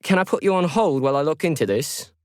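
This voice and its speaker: A man voicing a calm, polite male customer service agent with an unplaceable accent in an audio story. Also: a little high, fast talker, no echo, studio quality, pitched above the performer's own voice, close to an everyday voice.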